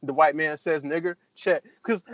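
A man rambling through a film recap in loose, profane casual chat and slipping into voices for the characters. His voice sits a bit high and comes through a dull, lo-fi recording. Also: steady tone, moderate pace, crowd noise.

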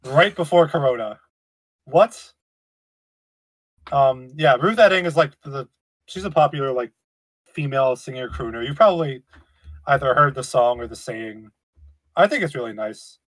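A man co-hosting a podcast in casual chat, relaxed and agreeable. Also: mid-range voice, moderate pace, pauses often, dry recording, low-quality recording. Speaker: podcast co-host.

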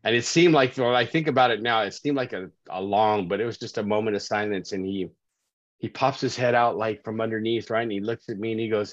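A man's voice: fairly low pitch, brisk, dry recording. A middle-aged man, a sobriety coach, telling his life story casually in an interview and often checking in with "right?". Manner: conversational, keeps asking "right?". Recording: dry, dull lo-fi call audio.

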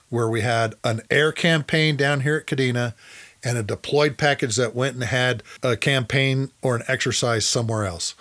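A man's voice: mid-range voice, a bit bright. A middle-aged man hosting a podcast, telling a first-person story from his flying career and acting out the dialogue along the way. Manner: acts out dialogue in his anecdotes. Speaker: podcast host, former fighter pilot.

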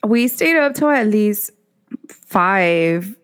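A woman's voice: medium pitch, animated, drawn-out words, a bit bright, smooth. A young woman co-hosting a casual chat, gushing and giggly, with some Spanish words slipped in. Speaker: podcast co-host.

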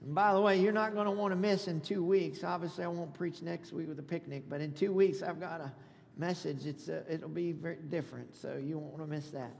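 A man's voice: on the high side, fairly even intonation, fairly quick, vocal fry, darkish tone, a little hiss or hum. A male pastor preaching a sermon, emphatic and calling on the congregation to respond. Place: church sanctuary. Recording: reverberant hall.

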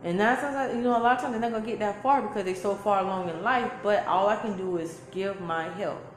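A woman's voice: mid-range voice, fairly quick, slight background noise. A woman, giving an emphatic, preachy spiritual talk full of repeated phrases. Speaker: spiritual teacher. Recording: echoey room with faint music.

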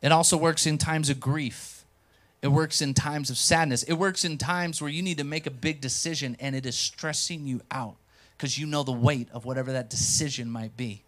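A pastor preaching a sermon, telling stories with animation and speaking directly to the congregation. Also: male voice, on the high side, normal speed. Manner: animated storytelling, acts out quotes. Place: church.

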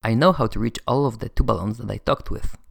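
A man giving a flat, measured announcement. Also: medium pitch, creaky, dry recording, clean studio sound.

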